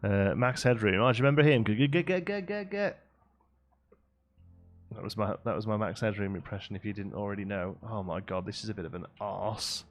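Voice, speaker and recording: A man's voice: lowish voice, steady tone, quick pace, hardly any pauses. A man casually commenting while playing a building game on a live stream, reading and answering chat. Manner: chatty, reads out chat and answers it.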